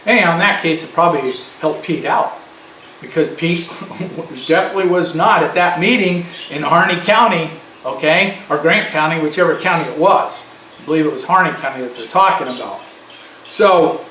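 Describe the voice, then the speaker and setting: Angry loud man, high voice, echoey. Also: normal speed, distant mic, slight background noise. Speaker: political commentator. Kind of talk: angry political rant.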